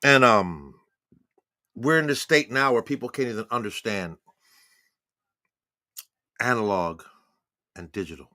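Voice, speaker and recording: A man's voice: medium pitch, lively intonation, a little slow, long pauses, pushed and bright, dry recording, studio quality. A man in his sixties giving a rambling, profane livestream monologue with laughing asides. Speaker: livestream host. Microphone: phone or webcam on a live stream.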